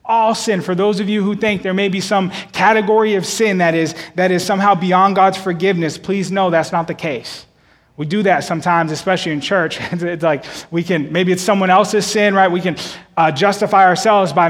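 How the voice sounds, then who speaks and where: A man's voice: high-pitched, steady tone, fairly quick, long reverb tail. A man in his thirties preaching a sermon in a conversational way, often repeating words and phrases.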